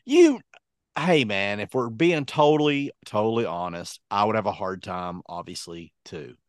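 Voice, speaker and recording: Animated, jokey man chatting on a podcast. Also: on the low side, moderate pace, clear, resonant tone, no room sound, clean studio sound. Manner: animated, jokey storytelling with acted-out quotes. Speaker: podcast co-host. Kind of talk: casual chat.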